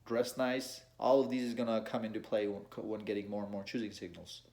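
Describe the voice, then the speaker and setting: A man's voice: on the low side, level tone, brisk, vocal fry, a little mellow. A young man talking to camera in a casual advice monologue. He speaks conversationally, often restarting and repeating phrases, and calls the viewer bro. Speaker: dating advice vlogger.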